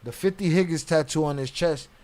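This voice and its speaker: A man hosting a casual live stream, reacting to chat with blunt, profane talk and frequent laughs. His voice sits somewhat high for a man. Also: a little fast, a little mellow.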